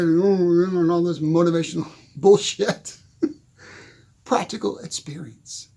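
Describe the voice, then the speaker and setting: A man in his sixties giving a casual motivational talk, telling stories in an animated way and chuckling often. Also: sits high, slow. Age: 60s. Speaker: motivational speaker.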